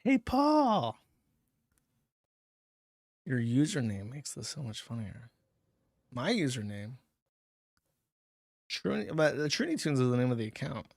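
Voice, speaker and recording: Male livestream host, mid-pitched, rambling and profane, close dry mic. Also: gravelly, dry recording. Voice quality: rambling, profane, laughs often. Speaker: livestream host reading paid chat messages. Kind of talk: casual livestream chat.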